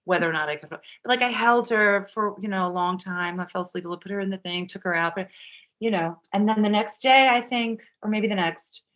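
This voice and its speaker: A woman recounts a personal story in an easy, conversational way. She gets animated, with her voice jumping up loud and high at exciting moments and dropping to a hush at tender ones. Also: a little fast. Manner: animated, swings between loud excitement and hushed tones. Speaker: guest. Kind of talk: casual storytelling.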